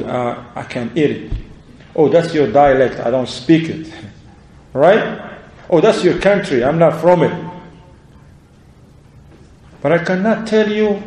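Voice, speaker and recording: Earnest man preaching in an echoey room. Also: a little mellow. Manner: earnest, emphatic, rising and dropping pitch for stress. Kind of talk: sermon.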